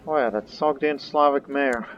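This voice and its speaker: A man's voice: medium pitch, moderate pace, slight background noise. A man giving casual, rambling commentary while playing a strategy game, thinking aloud as he goes. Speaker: let's play gamer. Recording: dull lo-fi recording with faint game music.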